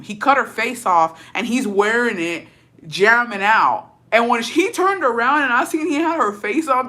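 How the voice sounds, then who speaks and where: A woman's voice: fairly high pitch, lively intonation, normal speed, a bit bright. A woman streamer in casual chat with viewers, telling a story in slang full of swearing and laughter, dropping in words.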